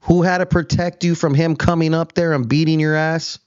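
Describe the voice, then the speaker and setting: A man's voice: a little high, steady tone, normal speed, clear, resonant tone, dry recording, highs cut off. A host on a confrontational callout rant, taunting his target and calling him fool again and again. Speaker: show host.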